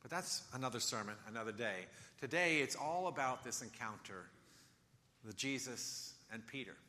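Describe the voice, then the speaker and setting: A man preaching a sermon, telling the story with animation and acting out quoted lines in a soft, low voice. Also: expressive, normal speed, long reverb tail. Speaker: pastor.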